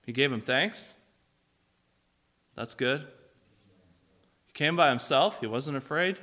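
A man preaching a sermon, reading scripture and asking the congregation questions in an animated way. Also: mid-range voice, slow pace. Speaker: pastor.

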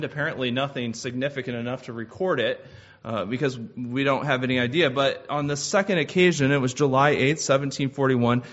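Earnest male preacher. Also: medium pitch. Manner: measured, earnest delivery with frequent "uh" restarts. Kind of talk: sermon. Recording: slightly dull lo-fi sound.

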